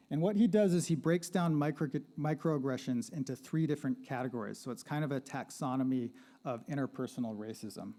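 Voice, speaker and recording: A slightly high, warm male voice leads a lecture-style talk on an art gallery panel. Conversational throughout, he asks the audience questions, invites them to join in, and keeps checking in with "right?"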